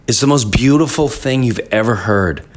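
A middle-aged man hosting a podcast, telling a story in an animated, rambling way and often repeating himself. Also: mid-range voice, normal speed. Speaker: podcast host. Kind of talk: casual storytelling monologue.

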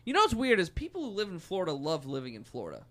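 A man's voice: a little high, huge pitch swings, racing, fairly bright tone. A man co-hosting a podcast in casual chat, with a dry, sarcastic manner. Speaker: podcast co-host.

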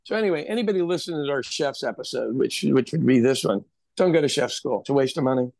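A man's voice: medium pitch, animated, fast, creaky, darkish tone, dry recording. A man, a chef, telling candid, self-deprecating stories in a casual podcast chat. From Kansas City area, USA.

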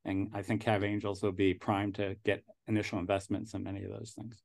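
A man's voice: lowish voice, flat delivery, a little fast, vocal fry, darkish tone. A man in his sixties with a New York accent, a guest talking casually in an interview and rambling with frequent restarts. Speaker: angel investor guest.

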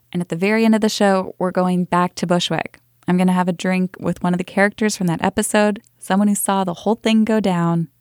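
A woman's voice: on the low side, darkish tone, no room sound. A woman hosting a podcast in a studio, talking casually and sometimes apologetically with her guest. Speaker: podcast host.

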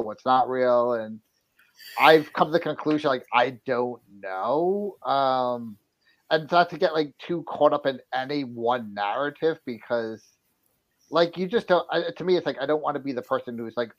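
A man's voice: mid-range voice, poor audio. A man speaking as a podcast guest in casual chat, musing hesitantly with lots of "like". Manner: hesitant, filler-heavy musing.

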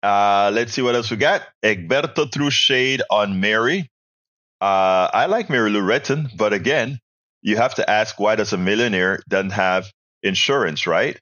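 A man's voice: lowish voice, a little slow, a bit bright, no echo, highs cut off. A man hosting a casual podcast, reading out listener comments and answering them with strong opinions. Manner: opinionated, reads chat messages aloud and answers them. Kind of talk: casual live call-in commentary.

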